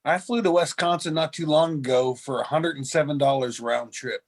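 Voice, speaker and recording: A man's voice: fairly high pitch, moderate pace. A man co-hosting a podcast, joking and teasing in casual group chat. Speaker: podcast co-host.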